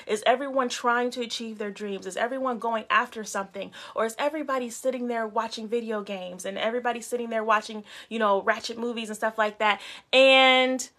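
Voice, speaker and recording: A young adult woman hosts a faith talk show with a bright, ringing voice set a little high. She teaches in a relaxed, chatty way and turns to greet her viewers by name as she goes. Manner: animated, talks straight to viewers and greets them by name.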